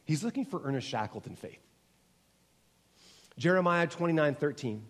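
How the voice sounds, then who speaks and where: A man in his forties delivers a church sermon at a stage microphone. His voice sits a little high and swings between loud, insistent repetition and low, hushed stretches. A long reverb trails after every line. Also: expressive, moderate pace, long pauses. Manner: rising to emphatic repeated exhortations, dropping low and soft at times. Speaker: pastor.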